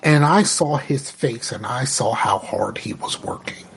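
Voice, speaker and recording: A man's voice: medium pitch, expressive, unhurried, gravelly, slight background noise. A man in casual podcast chat, rambling through a candid story with lots of restarts and the odd swear. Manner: profane, candid.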